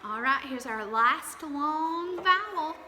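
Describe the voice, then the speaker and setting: Sing-song bright-voiced teacher woman. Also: high-pitched, lively intonation, takes it slowly, big-room sound, a little hiss or hum. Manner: sing-song, exaggerated vowel sounds, coaxing questions. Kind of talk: early-years phonics lesson.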